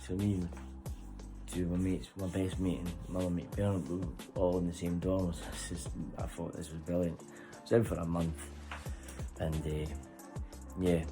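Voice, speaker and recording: A man's voice: low voice, flat delivery, moderate pace, over music, poor audio. A man telling a rambling personal story in a loose, chuckling way, swearing freely. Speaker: vlogger.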